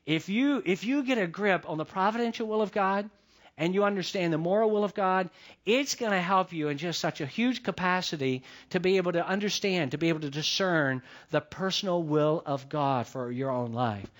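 A man's voice: sits high, moderate pace. A man preaching a sermon as pastor, talking in a conversational, repetitive way and checking in with the congregation.

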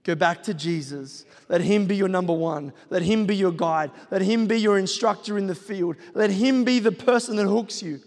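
A man's voice: high voice, moderate pace, few pauses, a little mellow. A middle-aged man preaching a sermon, calling on his listeners with repeated urgent exhortations. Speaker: pastor. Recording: long reverb of a large hall.

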